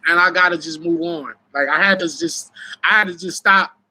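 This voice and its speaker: A young adult man talks loosely on a live stream, swinging between loud bursts and low mutters as he tells his story. His voice has a bright, forward edge. He swears freely and stays animated. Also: moderate pace. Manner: animated, profane, laughing storytelling. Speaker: battle rapper and host. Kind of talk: live stream casual talk.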